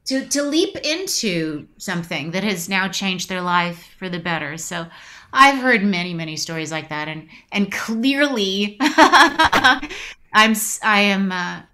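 Reflective woman with a bright voice. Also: lowish voice, lively intonation. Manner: reflective, halting, many restarts. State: emotional, choked up. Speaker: actress, interview guest. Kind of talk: casual video interview.

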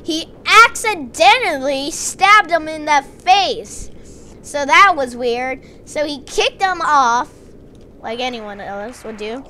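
Bright-voiced woman telling a game story. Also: sits high, slow, a little hiss or hum. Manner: excited storytelling, doing dramatic voices for the characters. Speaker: game narrator. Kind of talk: narrating a gameplay story.

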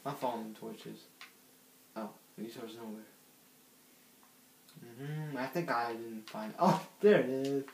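A man's voice: mid-range voice, slow, creaky, long pauses, darkish tone, a little hiss or hum. A man giving casual gameplay commentary, rambling and giggly, talking to himself while he plays. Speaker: gaming channel host. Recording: roomy echo.

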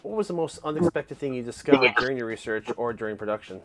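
A man's voice: medium pitch, expressive, quick pace, a crowd in the background. A man asking direct interview questions.

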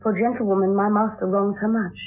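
In a tinny, lo-fi 1960s radio broadcast, an actress voices a lovelorn young noblewoman disguised as a boy page, reciting verse earnestly and wistfully. Her medium-pitched, natural voice is fairly quick, though her delivery stays flat.

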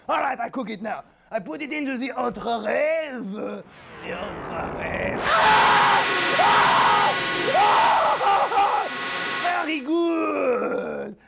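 A man playing a fussy male alien cooking-show host with a husky voice, exclaiming excitedly. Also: very high-pitched, background noise, exaggerated voice. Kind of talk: comedy sketch acting.

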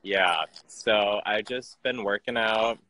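A man chatting as a guest on a video call, upbeat and relaxed. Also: fairly low pitch, slow pace, no echo, poor audio. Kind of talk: casual video call chat.

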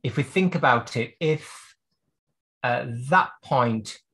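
A man's voice: mid-range voice, expressive, slow pace, a bit bright. A man teaching clock repair during a live video call, working at a bench and thinking aloud as he explains each step. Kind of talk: live workshop demonstration.

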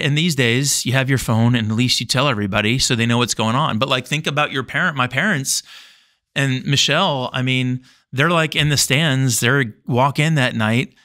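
A middle-aged man, a former swimmer, telling a long story in a casual interview, rambling and animated, full of fillers and restarts. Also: medium pitch. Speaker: podcast guest, former Olympic swimmer.

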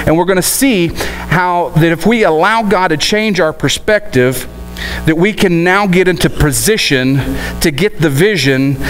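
A male preacher with a somewhat high voice, delivering a sermon in a folksy, animated way. He slips into the voices of the figures in his story as he goes. Soft music plays faintly underneath. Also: poor audio.

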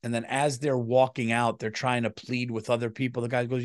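A man's voice: medium pitch, level tone, brisk. Profane, rambling male comedian. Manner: profane, rambling, restarts sentences. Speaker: comedian and podcast host. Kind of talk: casual storytelling monologue.

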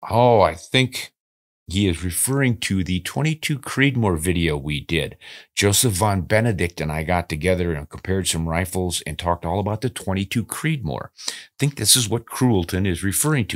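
Deep-voiced, easygoing male podcast host. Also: lively intonation, normal speed. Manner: easygoing, folksy, chuckles and ad-libs while reading letters. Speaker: podcast host answering listener mail. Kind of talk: casual podcast chat.

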